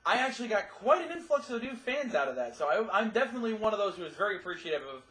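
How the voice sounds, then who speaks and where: A man's voice: high-pitched, big pitch swings, rapid-fire, fairly bright tone, echoey room. A man acting as interviewer, asking casual questions in an eager, upbeat way.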